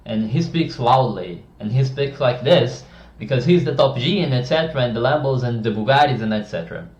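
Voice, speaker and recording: A man's voice: fairly low pitch, darkish tone. Blunt man talking in an echoey room. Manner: blunt, opinionated, with many restarts. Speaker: communication advice creator. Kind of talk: casual talk to camera. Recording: echoey, dull-sounding room.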